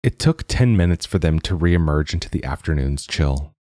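Guy reading a sci-fi audiobook, really deep voice, dry close sound. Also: lively intonation, moderate pace, a little mellow, no room sound. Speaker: audiobook narrator. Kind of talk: scripted narration.

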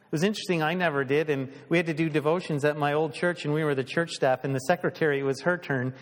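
A man's voice: fairly high pitch, fairly even intonation, fast talker, big-room sound. A male pastor preaching a sermon in a conversational way, asking the congregation questions.

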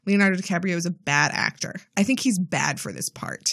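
A woman co-hosting a podcast in casual chat. She is animated, laughs often, and acts out quotes as she talks. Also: on the low side, a little fast, creaky. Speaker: podcast co-host.

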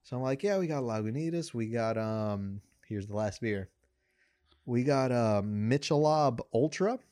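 A man's voice: medium pitch, lively intonation, a little slow, mellow, dry recording. A young man in his twenties with a nasal voice, co-hosting a casual chat and telling stories with a joking laugh. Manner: joking storyteller, laughs often. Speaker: podcast co-host.

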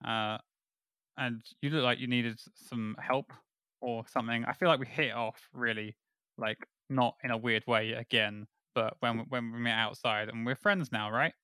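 A man in a tabletop game plays his character awkward, halting and rambling. His voice is bright and forward at a middle pitch. It is recorded close and dry. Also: fairly even intonation, clear, resonant tone, no echo. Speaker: player. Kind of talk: casual role-play banter.

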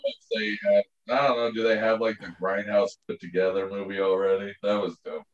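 A man's voice: on the low side, steady tone, a little fast. A man co-hosting a podcast, chatting about movies in a joking, rambling way and swearing casually. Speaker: podcast co-host. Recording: dull lo-fi sound.

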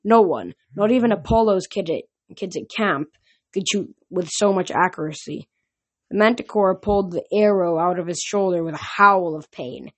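A woman reading a novel aloud for her podcast, with occasional slips and restarts. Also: fairly low pitch. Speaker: podcast reader.

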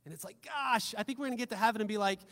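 In a big hall with long reverb, a man with a fairly high voice preaches very fast, moving between loud, emphatic lines and quiet, soft ones. Like a pastor addressing his own congregation, he tosses in casual, joking asides.

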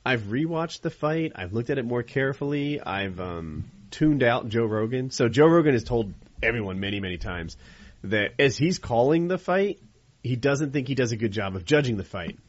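Casting: man in podcast chat, bouncy lively pitch, muffled lo-fi mic. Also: normal speed. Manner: laughs often, lively and conversational. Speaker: podcast co-host. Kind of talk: casual chat. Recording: dull lo-fi sound.

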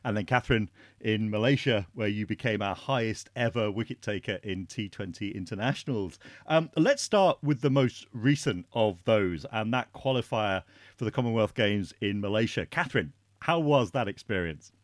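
A man's voice: fairly low pitch, expressive, moderate pace, no echo, studio quality. A Scottish man co-hosting a podcast, talking with eager enthusiasm and frequent restarts. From Scotland. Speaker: podcast co-host. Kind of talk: casual podcast chat.

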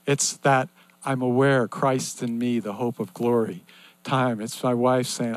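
An older man preaching a sermon in an earnest, repetitive cadence that swings between loud and hushed. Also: medium pitch, steady tone, unhurried, clear, resonant tone, dry recording.

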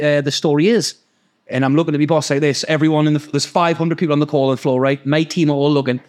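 A man with a Geordie accent telling a story in casual chat, animated and swearing freely as he acts out the voices of others. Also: fairly high pitch, racing. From North East England. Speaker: podcast guest storyteller.

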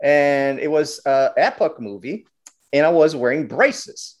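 A middle-aged man from Brazil, telling animated stories as a guest filmmaker and often restarting his words. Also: on the high side, measured pace. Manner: animated, acts out quotes, many restarts. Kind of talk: storytelling interview talk.

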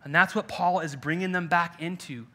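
A man's voice: on the high side, normal speed, pushed and bright. A young adult man preaching a conversational sermon, jokey and loose, with lots of filler words. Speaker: pastor. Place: church in-person gathering.

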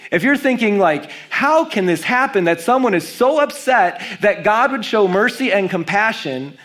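A man preaching a sermon as a pastor, reading scripture aloud and stressing key words with animated emphasis. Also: high-pitched, normal speed.

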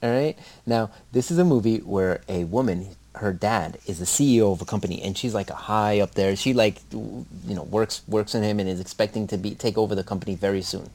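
A man co-hosting a casual podcast, retelling movie plots in a rambling, profane, animated way. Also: on the low side, brisk, few pauses. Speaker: podcast co-host.

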